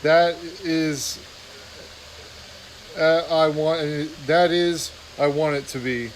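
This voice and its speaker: Wise old lady badger read by a guy, slow and serious, a bit high. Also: fairly even intonation, slight background noise, poor audio. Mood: wistful. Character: wise old female badger, grave and earnest. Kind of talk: reading a novel aloud.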